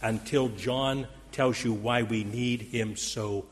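A man's voice: mid-range voice, steady tone, takes it slowly, soft background music. Man, pastor, dramatic sermon delivery, long church reverb. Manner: dramatic, quoting scripture with raised force. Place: church sanctuary.

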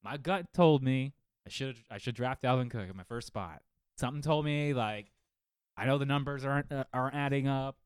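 A man co-hosting a casual fantasy football podcast, telling stories in a lively, profane way from a home studio. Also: medium pitch, moderate pace, clean tone, no room sound. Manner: animated, profane storytelling. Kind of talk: casual chat. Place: home studio living room.

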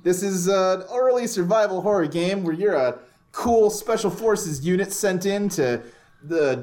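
A man hosts a casual podcast, his pitch swooping all over as he rambles. He laughs often and keeps things loose. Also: darkish tone. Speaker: podcast host. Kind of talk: casual chat.

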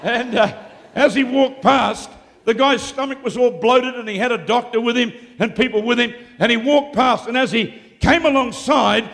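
A man preaching live to a congregation, moving between hushed storytelling and loud, shouted declarations. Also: very high voice, moderate pace, vocal fry, in a large hall. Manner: swings from quiet storytelling to shouted exclamations. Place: large hall, live event.

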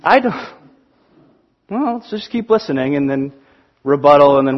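A man preaching a sermon, telling stories in an animated way and acting out the quotes. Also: sits high, moderate pace, dull audio. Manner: animated storytelling, acts out quotes. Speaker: pastor.

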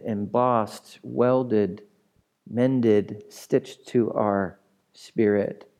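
A male pastor delivering a slow, unhurried sermon with a dark, mellow tone. He calls out to the congregation for responses and moves from loud, dramatic urging down to hushed, near-whispered lines. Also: lowish voice.

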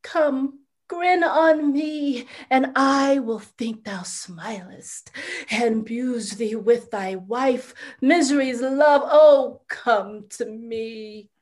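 Anguished noble mother, fairly high voice, cries and whispers, slow. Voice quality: impassioned, swinging from loud cries to hushed whispers. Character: grieving noble mother, wild with sorrow. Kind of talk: classical stage drama.

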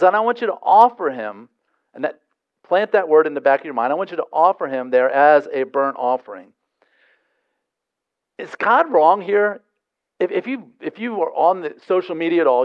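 A man's voice: fairly high pitch, no room sound, dull audio. A man preaching a sermon, asking rhetorical questions and telling stories in a conversational way. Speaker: pastor.

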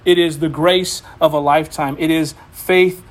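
High-voiced man preaching a sermon. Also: steady tone, moderate pace. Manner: impassioned preaching with repeated phrases. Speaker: pastor.

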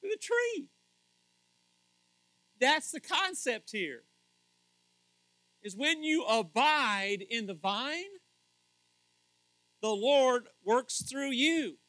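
A man's voice: very high-pitched, animated, drawn-out words, long pauses, bright, forceful tone, dry recording, poor audio. A man preaching a folksy sermon who tells stories and keeps asking the crowd fill-in questions. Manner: folksy and storytelling.

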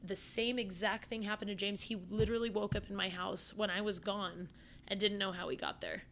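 A woman guest on a podcast telling a story in casual chat, animated and profane, with lots of fillers. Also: mid-range voice, fairly quick, a little hiss or hum.

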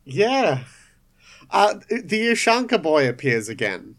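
A man's voice: on the high side, big pitch swings, slow pace, a bit bright. A man co-hosting a podcast, recapping a cartoon episode in a wry, rambling chat. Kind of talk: casual chat.

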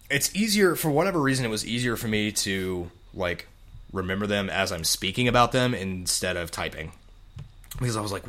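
Low-voiced joking male podcast host. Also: fairly bright tone. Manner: laughing, joking, profane. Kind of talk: casual comedic chat.

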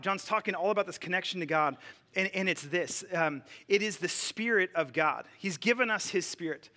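A man preaching in a relaxed, chatty sermon voice, full of fillers and quick restarts. His voice sits high for a man and sounds bright and forward. He is a pastor in his thirties. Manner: casual, conversational preaching with many fillers and restarts.

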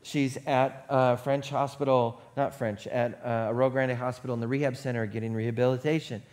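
A middle-aged male pastor preaches a sermon in a casual, conversational storytelling style, joking at his own expense and acting out the voices of people he quotes. His medium-pitched voice is steady, a little mellow, and brisk.

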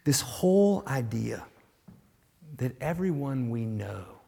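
A male pastor preaches slowly and deliberately, his voice at a middle pitch. He surges into loud emphasis, then drops to near-whispers. A long hall reverb trails every phrase. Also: expressive, creaky, breathy edge. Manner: dramatic swings from loud emphasis to hushed whispers. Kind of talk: sermon.

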